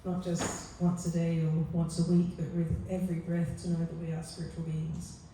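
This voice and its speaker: A woman author speaking softly and earnestly at a book launch, often pausing with fillers. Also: fairly low pitch, monotone, a little hiss or hum. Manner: soft, heartfelt, halting with fillers. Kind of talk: conversational talk and poetry reading. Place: event venue. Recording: echoey room from far off.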